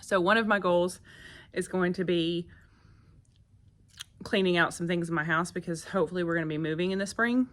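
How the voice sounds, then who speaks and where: A woman's voice: fairly low pitch, normal speed, pauses often, a bit bright. A woman, a first grade teacher chatting casually to her phone camera in her classroom, with lots of fillers and asides. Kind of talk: casual vlog chat.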